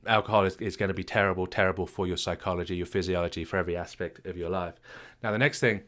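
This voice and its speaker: A man's voice: fairly even intonation, quick pace, fairly bright tone. A man working as a marriage coach, giving an emphatic retreat workshop talk that repeats key phrases and asks rhetorical questions. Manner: acts out low and upbeat voices to make points.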